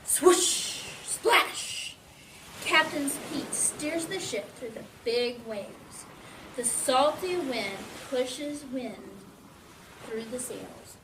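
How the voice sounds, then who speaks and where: A woman's voice: a little high, slow pace, distant mic, noisy background. A woman reading a picture book aloud to children in a playful pirate persona, asking them questions as she goes. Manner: playful pirate-talk, animated with questions to kids. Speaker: children's storytime reader.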